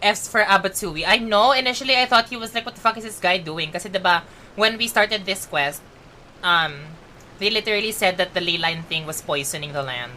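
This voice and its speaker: A woman's voice: mid-range voice, fairly quick, bright, forceful tone, slight background noise. A woman with a Filipino accent chatting casually on a live game stream, talkative and emotional, switching between English and Tagalog.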